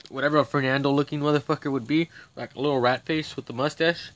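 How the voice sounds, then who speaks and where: A man delivers a long, rambling rant to camera at a middling pitch. His talk is profane and agitated, full of restarts and trailing thoughts. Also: fairly even intonation, a little fast, fairly bright tone. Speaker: vlogger.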